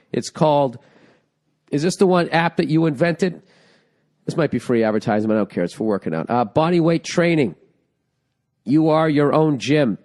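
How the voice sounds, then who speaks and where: A man's voice: on the high side, darkish tone. A man hosting a casual comedy podcast, joking crudely and reading out listener emails, with a sore throat. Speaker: podcast host.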